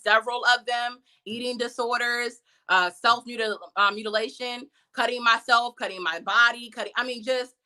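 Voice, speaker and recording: A woman gives a motivational talk as a guest speaker on a live stream. Her voice sits a little high and rings out bright and forceful. She talks in a conversational, emphatic way and keeps asking her listeners questions.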